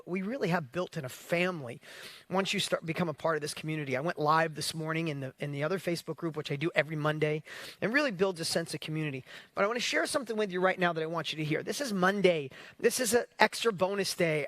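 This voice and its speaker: A man hosting an online business challenge, talking in a casual, energetic motivational style and often asking his audience rhetorical questions. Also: high-pitched, no echo. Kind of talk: casual motivational livestream talk.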